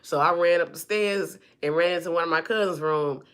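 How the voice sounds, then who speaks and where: A woman vlogger telling a personal story to her viewers in a lively, chatty way, calling them y'all and honey and acting out the people in it. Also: lowish voice, fairly quick. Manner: acts out the people in her stories.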